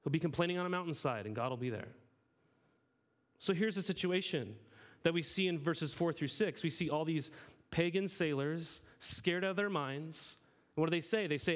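A man's voice: a little high, fairly quick. A man in his thirties preaching a sermon in an earnest, conversational way, often repeating words as he starts a sentence. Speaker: pastor.

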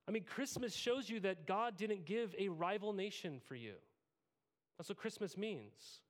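Animated conversational male pastor. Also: high-pitched, a little slow. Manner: conversational, self-deprecating, animated quoted asides. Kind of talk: sermon.

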